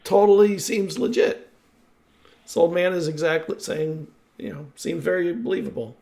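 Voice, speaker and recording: A man running a tabletop game as game master, lively and quick to laugh. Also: a little high, vocal fry.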